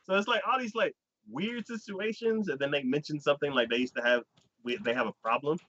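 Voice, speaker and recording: A man's voice: on the high side, a bit bright. A man hosting an anime talk show, chatting casually and rambling through a plot recap with lots of "like" and restarts. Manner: rambling, heavy use of "like", quick restarts. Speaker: anime podcast host. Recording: dull, lo-fi sound.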